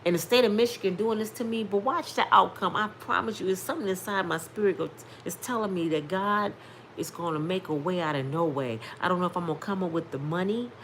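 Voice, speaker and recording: A woman in her fifties tells a personal testimony straight to her viewers, emphatic and preacher-like. Her voice sits on the low side for a woman. A faint hiss runs under the recording. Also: fast, fairly bright tone. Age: 50s. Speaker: vlogger sharing testimony. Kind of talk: casual storytelling testimony.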